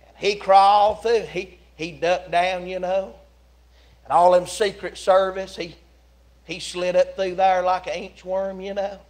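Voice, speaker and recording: A man preaching a sermon in a church, telling the story in a folksy, animated way with big swings from loud to hushed. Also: sits high, measured pace. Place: church sanctuary.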